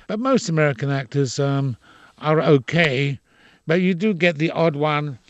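An older man, an actor, telling indignant, expressive anecdotes in an interview. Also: on the high side, measured pace, dry recording, lo-fi sound. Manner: expressive, indignant storyteller with quoted voices.

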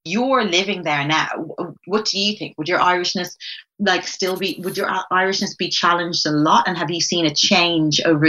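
A woman with a Dublin accent speaks in a low, bright and forceful voice. She talks reflectively in a relaxed interview, thinking aloud with fillers and restarts. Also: normal speed. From Ireland. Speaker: guest, writer and academic. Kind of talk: casual interview conversation.

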